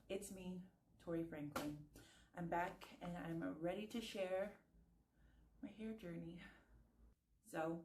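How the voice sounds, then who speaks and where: A woman's voice: lowish voice, a little hiss or hum. A young adult woman telling a personal story in a candid, reflective way in a casual vlog. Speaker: vlogger. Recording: roomy echo.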